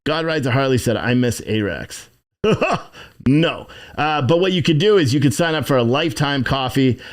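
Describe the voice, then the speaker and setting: A man's voice: mid-range voice, expressive, normal speed. A man hosting a casual livestream from inside his shop, rambling and swearing as he reads chat comments and plugs his business. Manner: rambling, profane, plugging his own business. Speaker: livestream show host.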